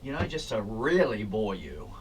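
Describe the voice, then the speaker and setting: Brief: older Australian man, animated and joking in conversation, recorded from a distance with light hiss. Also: lowish voice, moderate pace. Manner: animated, jokey, trails off and restarts. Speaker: podcast co-host. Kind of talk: casual chat. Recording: distant mic with faint hiss.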